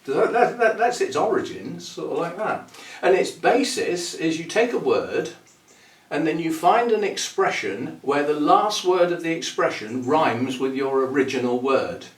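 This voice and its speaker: A man's voice: fairly high pitch, lively intonation, measured pace, reverberant, distant mic. A man from the UK hosting a channel, chatting casually and playfully and chuckling at his own wordplay. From United Kingdom. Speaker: orchid channel host. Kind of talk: casual rambling chat to camera.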